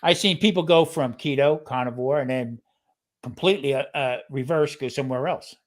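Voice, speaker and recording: A man's voice: medium pitch, brisk. A man co-hosting a podcast, talking casually and emphatically, pressing his points with "okay" and "you know what I mean". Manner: emphatic, says "okay" to drive points home. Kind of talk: casual chat.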